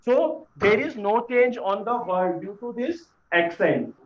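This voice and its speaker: A high-pitched man teaches beginners in an unhurried, patient way, repeating key words so learners can follow. The recording is roomy and a bit muffled, with a lo-fi edge. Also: very animated. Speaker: French teacher. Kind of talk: classroom lesson explanation. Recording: echoey room, dull lo-fi sound.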